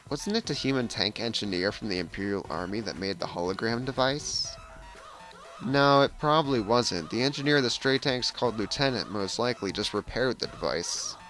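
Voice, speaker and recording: Guy reading a game out loud for a let's play, pitch all over the place, snarky asides, faint music behind. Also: rough recording. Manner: lively, switches between reading and sarcastic asides. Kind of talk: reading game text aloud with commentary.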